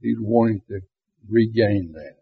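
A man's voice: on the low side, measured pace, gravelly, breathy edge. A man teaching a Bible class in a conversational way, asking his listeners rhetorical questions. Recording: tinny phone-like lo-fi recording.

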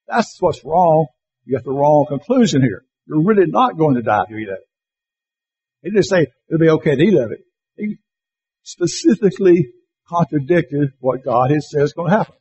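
A man teaching a Bible class, reading verses slowly and with emphasis and putting questions to his listeners. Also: a little high, animated, a little mellow, dull audio, slight background noise. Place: classroom or church hall with slides.

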